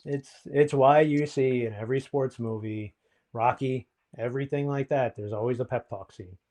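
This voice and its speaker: Mellow-voiced male therapist, reflective. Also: mid-range voice, moderate pace. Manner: reflective, explanatory, frequent ums. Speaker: therapist, podcast co-host. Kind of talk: casual conversational podcast.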